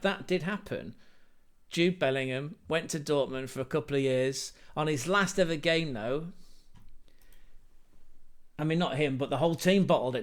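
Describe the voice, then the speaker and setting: A man hosting a football channel, talking in a casual, jokey and animated way with quick asides. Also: a little high, smooth. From England. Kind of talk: casual commentary.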